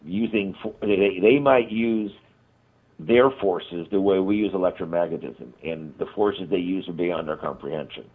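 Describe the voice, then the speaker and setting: A man's voice: low-pitched, normal speed, breathy edge. A man telling a long story as a radio guest, rambling with many restarts. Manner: rambling, frequent restarts, animated retelling. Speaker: guest, paranormal investigator and author. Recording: tinny phone line on radio.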